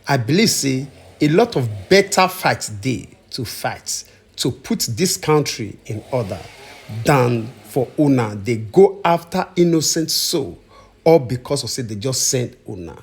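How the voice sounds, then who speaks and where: A man's voice: medium pitch, very animated, unhurried, husky. A man with a Nigerian Pidgin accent hosting a casual commentary channel, chatting directly to his viewers. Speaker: YouTube commentary host.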